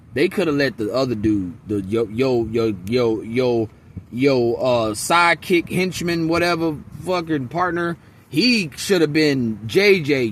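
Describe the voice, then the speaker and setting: A man giving a casual movie reaction, ranting in a profane, animated, rambling way. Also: on the high side, a little hiss or hum. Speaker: movie reviewer.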